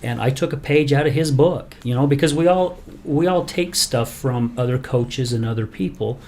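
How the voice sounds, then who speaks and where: A man hosting a podcast in casual chat, telling a story with animated energy and acting out the quoted lines. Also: medium pitch, moderate pace. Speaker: podcast host.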